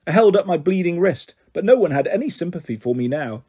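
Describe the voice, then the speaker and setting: A man reading a children's novel aloud in steady first-person narration, giving voices to the characters. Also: high-pitched, a little fast, hardly any pauses, breathy edge. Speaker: storyteller.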